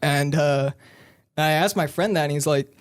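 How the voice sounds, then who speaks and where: A man's voice: on the high side, normal speed, clear, resonant tone. A man in a casual podcast conversation, reflecting thoughtfully on his own choices.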